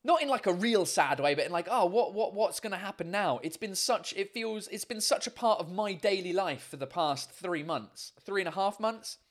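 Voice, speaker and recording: A man's voice: sits high, animated, moderate pace, hardly any pauses. A man hosting his own live stream show, chatting casually and swearing freely.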